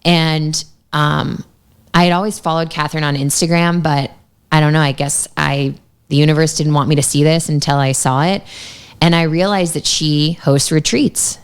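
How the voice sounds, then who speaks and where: Low, smooth-voiced young woman storyteller. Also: steady tone, normal speed. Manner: chatty storytelling, many fillers. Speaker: yoga teacher and guest. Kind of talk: casual podcast interview. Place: podcast studio.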